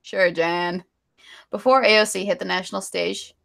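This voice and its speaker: A woman's voice: medium pitch, steady tone, moderate pace, creaky, a bit bright. A woman co-hosting a casual live stream, ranting with strong opinions and reading viewer donations. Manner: opinionated ranting, then giggly and apologetic. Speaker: stream co-host.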